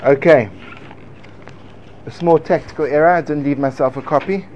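A man's voice: fairly high pitch, moderate pace, a little mellow, lo-fi sound, a little hiss or hum. A man lecturing a small group on how to teach Talmud, earnest and demonstrative, sometimes slipping into a sing-song study chant.

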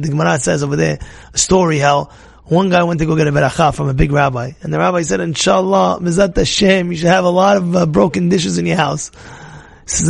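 High, gravelly-voiced rabbi giving a lively lesson. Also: male voice. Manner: animated, acts out scolding voices, many restarts. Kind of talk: Torah lesson.

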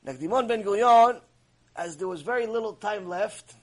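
A male religious teacher gives a storytelling lecture in a fairly high voice. He tells the tale in an animated way and slips into the voices of its characters. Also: normal speed, rough recording.

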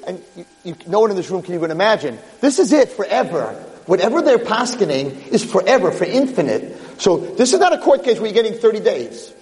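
A man giving a theatrical sermon, telling a story with lively, shifting delivery in an echoey lecture hall. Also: high voice, a little fast, few pauses. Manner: animated, theatrical, shifting pace. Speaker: rabbi lecturer.

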